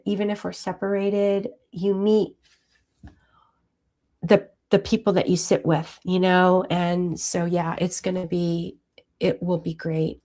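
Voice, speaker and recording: A woman in her sixties hosting a casual live chat, reading viewer comments aloud and answering them in a chatty way, with frequent fillers and soft laughs. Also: lowish voice. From Hawaii. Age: 60s. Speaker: livestream host.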